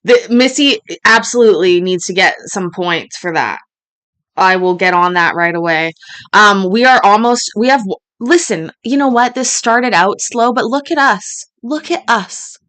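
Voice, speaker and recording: Animated, laughing woman host. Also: medium pitch, a little slow. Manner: laughing, animated, swears freely. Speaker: host reacting to court clips. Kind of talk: casual reaction commentary.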